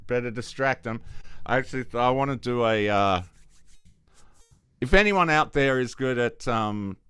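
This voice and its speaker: A man's voice: medium pitch, animated, normal speed, a bit bright, clean tone, no echo. A man hosting a casual solo podcast, rambling and swearing, with frequent restarts. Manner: rambling, profane, many restarts. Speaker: podcast host.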